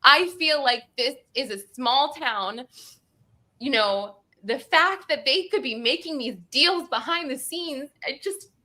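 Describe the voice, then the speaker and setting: A woman's voice: sits high, slow. A woman host recapping a court hearing on a livestream, emotional and close to tears, acting out the lines of people in court. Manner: tearful, animated, acts out courtroom quotes. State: crying, sniffly. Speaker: true crime show host.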